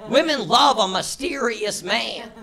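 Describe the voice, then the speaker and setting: A man doing a stand-up comedy set, shouting his punchlines and jumping into squealing character voices. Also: very high-pitched, animated, a little slow. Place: comedy club stage before a laughing crowd. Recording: live club recording with crowd noise. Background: audience laughter.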